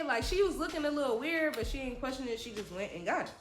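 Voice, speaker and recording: A woman's voice: fairly high pitch, animated, fairly quick. A young woman telling a dramatic, slangy story from her childhood in a vlog. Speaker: vlogger. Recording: echoey room with faint music.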